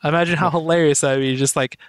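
A man co-hosting a gaming podcast in casual chat, an animated storyteller who laughs often. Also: a little high, fast talker, dry recording. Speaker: podcast co-host.

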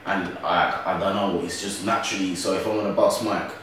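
Echoey young London man, animated talk. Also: low voice, brisk, a little hiss or hum. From Britain. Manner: animated, keeps asking "you get what I'm saying?". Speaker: grime MC guest. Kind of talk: casual interview chat. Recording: roomy echo from a distant mic.

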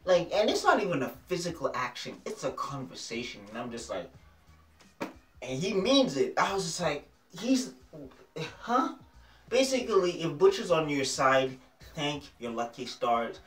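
A man casually reviewing a TV episode in a vlog, excitable and slangy, often repeating phrases. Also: on the high side, moderate pace. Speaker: TV show reviewer. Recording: roomy echo, distant mic, faint music.

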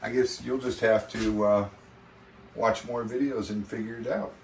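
A man's voice: fairly low pitch, little pitch movement, moderate pace, darkish tone, slight background noise. A man vlogging while feeding animals outdoors, chatty and coaxing with them. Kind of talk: casual vlog chat.

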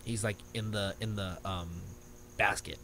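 Unhurried and on the low side, this man's voice comes with slight background noise. Co-hosting a podcast, he tells a lively story in relaxed chat, cracking himself up as he goes.

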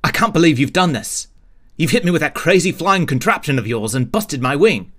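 A man's voice: fairly high pitch, animated, fairly quick, a bit bright, husky, voice pushed up. A man voicing a whiny, flustered male stork who complains about a busted wing. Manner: whiny, flustered, laughing at himself.

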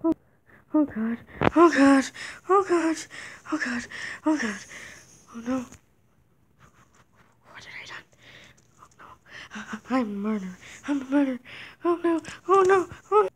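A woman voicing an excitable young male toy tank engine in a toy play-acting video, talking in exclaims and panicky repeats. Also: high voice, moderate pace, long pauses. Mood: panicked.

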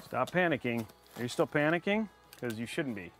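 A man's voice: mid-range voice, very animated, brisk, a bit bright, soft background music. A man live-streaming a PC build, talking to his chat in a playful, rambling way and teasing them.

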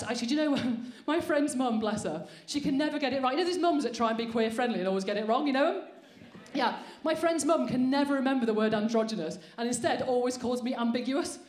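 A woman in her 40s with a high-pitched, slightly mellow voice does a brash, sweary, self-mocking stand-up set on a comedy club stage. The sound is roomy, like a live venue.

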